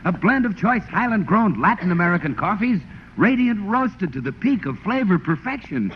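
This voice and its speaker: A man in 1940s radio comedy as the show's announcer, brash, booming and salesman-like. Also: very animated, normal speed. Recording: muffled old radio broadcast with hiss.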